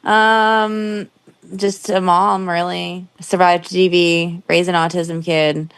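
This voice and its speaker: A woman's voice: on the low side, little pitch movement, slow, clean tone, dry recording. A woman guest on a podcast video call, modest and laughing easily as she talks about herself. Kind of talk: casual chat on a video call.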